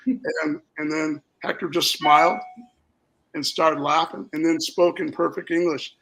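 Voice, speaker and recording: Guesting on a talk show, a middle-aged Minnesota man who founded a spirits company tells casual, wandering stories, imitating the voices of those he quotes. He speaks slowly in a steady tone, his voice on the high side and a bit bright, and the recording quality is low.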